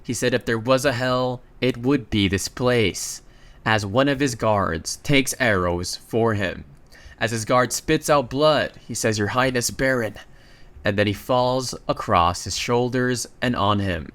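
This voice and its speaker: A man narrating a comic story recap in a casual, chatty way, breaking in with excited asides. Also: mid-range voice, unhurried.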